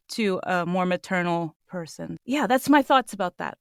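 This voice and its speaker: A woman's voice: fairly low pitch, animated, normal speed, creaky, smooth, dry recording, studio quality. A woman in her forties, a voice actor guest, chatting animatedly and demonstrating vocal tones as she explains. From Puerto Rican heritage. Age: 40s. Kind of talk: casual podcast chat.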